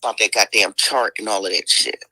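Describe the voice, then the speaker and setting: A woman's voice: rumbling low, fairly even intonation, a little fast, sharp tone, breathy edge, no room sound, poor audio. A woman hosting a livestream, talking in heated commentary with lots of swearing, sighs and "mm-mm"s. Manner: profane, exclaiming, lots of sighs and mm-mm.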